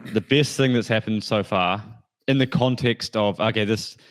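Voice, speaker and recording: A man co-hosting a casual podcast, chatting in a relaxed, wry way. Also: lowish voice, moderate pace. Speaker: podcast co-host. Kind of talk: casual chat.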